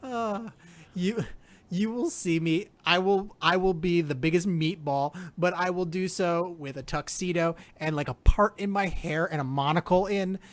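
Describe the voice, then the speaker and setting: A man's voice: high-pitched, a little slow. Laid-back man talking sports. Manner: laid-back, hesitant with fillers, jokey. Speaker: podcast co-host. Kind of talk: casual sports talk chat.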